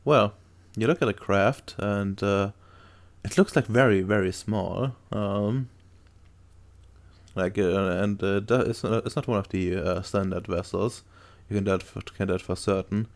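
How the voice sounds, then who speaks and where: A man running a tabletop role-playing game, describing the scene in a halting way as he searches for words. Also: lowish voice, creaky. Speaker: game master. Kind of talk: narrating a tabletop game online.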